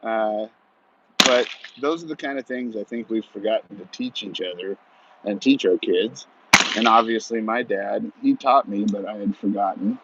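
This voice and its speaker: A man in his forties telling a story in a rambling, folksy way, outdoors at shooting practice, on muffled audio with loud gunfire. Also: lowish voice, normal speed, very noisy. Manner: rambling folksy, many "you know" and "he goes". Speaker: vlogger. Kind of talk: casual storytelling monologue.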